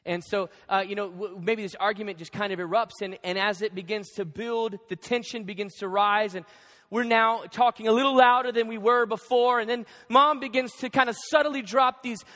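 A young male pastor preaches with a very high, bright voice, joking as he tells stories. His sermon rings through a large hall with long reverb. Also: normal speed. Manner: joking, animated storytelling. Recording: echoey church hall.

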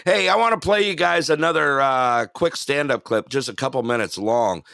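A man's voice: medium pitch, moderate pace, creaky, sharp tone, no room sound, studio quality. A man hosting a casual radio show, chatty and laughing often, with plenty of fillers.

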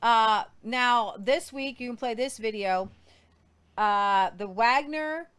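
A woman's voice: a little high, slow pace, a bit bright, smooth. A woman hosting a casual news show, earnest and a little preachy, stumbling over foreign names. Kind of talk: casual news commentary with faith talk.

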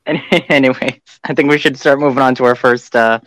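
A man's voice: medium pitch, steady tone, fairly quick, a bit bright, dry recording. A man co-hosting a podcast, reacting and reading out comments in casual chat. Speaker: podcast co-host.

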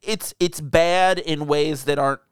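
A man talks through a movie in relaxed podcast banter, rambling with plenty of fillers. His voice is smooth and clear and sits fairly high, close to the mic in a dry, dead room. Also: unhurried, no room sound. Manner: rambling, filler-heavy, laughing. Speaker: podcast co-host. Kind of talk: casual movie review chat.

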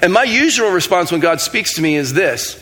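A man's voice: high-pitched, animated, brisk, background noise. A man preaching a sermon in a casual, self-mocking, conversational way, acting out bits of dialogue as he tells stories. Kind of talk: sermon with storytelling.

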